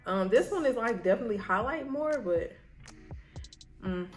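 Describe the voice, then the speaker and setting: A woman's voice: a little high, animated, normal speed, soft background music. A woman of about thirty, a law student chatting candidly to her viewers while doing her makeup at home, rambling and saying y'all. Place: home, near her bed.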